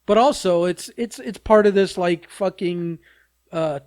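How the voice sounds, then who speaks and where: A man giving his opinions in a casual podcast chat, halting and profane. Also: sits high, a little mellow, smooth. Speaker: podcast co-host.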